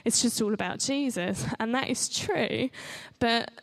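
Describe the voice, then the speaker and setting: A woman giving an informal, excitable sermon and testimony, chatty and rambling, often restarting her sentences. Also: fairly high pitch, unhurried, gravelly. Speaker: church speaker giving testimony.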